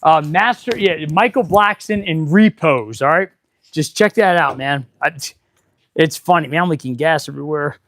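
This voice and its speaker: A middle-aged man, an auto mechanic hosting a casual live stream from his garage, chatting and rambling excitably as he works. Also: on the high side, moderate pace, no echo. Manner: chatty, excitable and rambling, with sudden loud outbursts. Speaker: auto mechanic and channel host. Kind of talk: casual live-stream chat while working.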